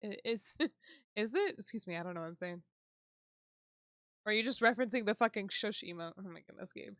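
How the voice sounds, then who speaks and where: A woman's voice: medium pitch, brisk, long pauses, fairly bright tone, dry recording, clean studio sound. A woman streamer chatting casually while playing a game, giggly and profane, with self-mocking asides.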